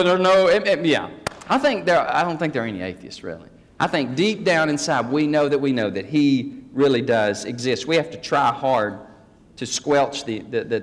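Male pastor, folksy teaching sermon, a bit high, echoing sanctuary. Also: fairly bright tone. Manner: folksy, joking with the congregation. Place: church sanctuary. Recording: long hall reverb.

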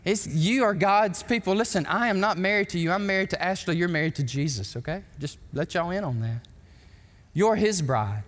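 A male pastor, preaching an emphatic, animated sermon in a church sanctuary. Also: sits high, moderate pace. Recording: long hall reverb.

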